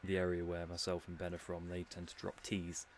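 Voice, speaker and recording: Talking quickly in a low monotone, this English streamer rambles and muses over his game with dry humour. It's casual play-along commentary, with slight background noise in the clip.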